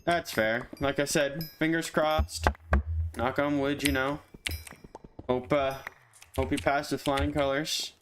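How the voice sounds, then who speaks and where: A man's voice: mid-range voice, steady tone, takes it slowly, long pauses, noisy background. A man streaming a game, chatting casually and teasing his viewers while he plays, laughing often. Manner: joking, teasing, answers chat, laughs often. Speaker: gaming streamer. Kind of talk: casual live-stream chat over gameplay.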